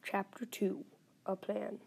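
A woman reading a war adventure story aloud, halting and correcting herself as she goes. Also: mid-range voice, level tone, creaky, a little mellow. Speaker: story reader.

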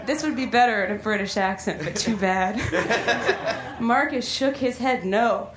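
A woman's voice: a little high, a little slow. A woman doing a comic reading of raunchy fiction at a live comedy club, breaking off for dry sarcastic asides. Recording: echoey live club room with noise.

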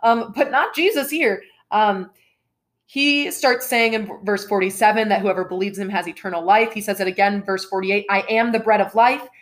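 A woman's voice: mid-range voice, moderate pace. A woman giving a casual, chatty bible teaching with playful asides and frequent filler words.

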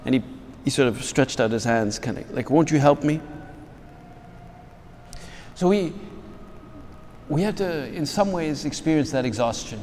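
Reflective priest in a reverberant hall. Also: male voice, mid-range voice, lively intonation, normal speed, darkish tone, slight background noise. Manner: reflective, searching for words with frequent restarts. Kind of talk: spiritual talk to fellow priests.

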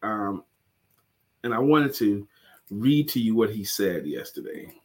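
A man's voice: fairly low pitch, sing-song, unhurried. A man co-hosting a casual morning talk show, chatty and playful, with a lot of fillers. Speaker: co-host.

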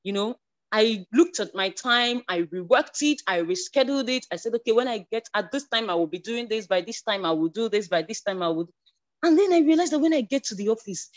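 A woman shares a spoken church testimony in a high voice that swings widely in pitch. She stumbles over restarts and repeats words, then surges into emotional, near-shouted declarations. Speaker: church member sharing a testimony.

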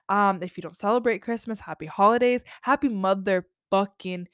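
A woman's voice: medium pitch, moderate pace, hardly any pauses, fairly bright tone, smooth, no echo, studio quality. A young woman hosting a spiritual podcast, talking casually and effusively and swearing freely. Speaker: podcast host.

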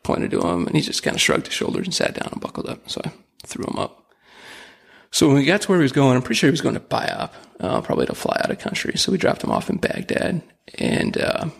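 A man's voice: mid-range voice, creaky, husky. A man hosting a podcast, telling his own story in a laid-back, wry way. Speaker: podcast host. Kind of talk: casual chat.

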